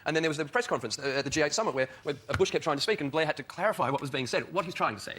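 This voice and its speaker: A male comedian tells an anecdote on a panel show, acting out each character's lines. His voice is bright and somewhat high, and it moves quickly. Faint noise sits in the background. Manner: storytelling, acting out other people's lines. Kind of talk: comic anecdote. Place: TV studio with audience.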